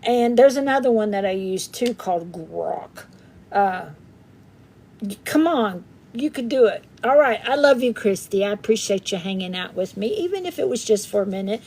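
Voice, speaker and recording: A woman's voice: medium pitch, lively intonation, moderate pace, darkish tone. A woman hosting a craft livestream in casual, rambling chat, greeting viewers by name and laughing often.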